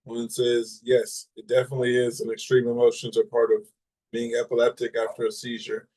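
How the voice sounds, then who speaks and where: A man hosting a casual podcast chat, reading listener comments aloud in an even delivery. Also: medium pitch, a little fast. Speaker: podcast host.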